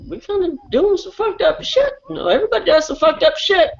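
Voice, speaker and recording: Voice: high-pitched, huge pitch swings, brisk, hardly any pauses, dull audio. A co-host ranting about politics, mocking opponents, laughing often and swearing freely. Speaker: podcast co-host. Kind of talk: profane political rant.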